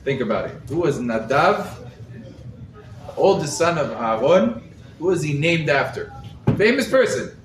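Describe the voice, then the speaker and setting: A rabbi with a slightly high voice leads a lively Torah class for a live group, quizzing listeners and using Hebrew terms. He speaks unhurriedly with frequent pauses. The recording has a roomy echo and faint background noise, with the mic placed far off across the room.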